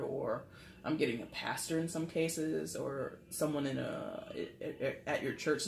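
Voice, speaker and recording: A woman's voice: low-pitched, vocal fry, slight background noise. Chatty woman giving a casual tarot reading. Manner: chatty and rambling, with filler words and frequent laughs. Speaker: tarot reader. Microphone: camera mic. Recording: roomy echo.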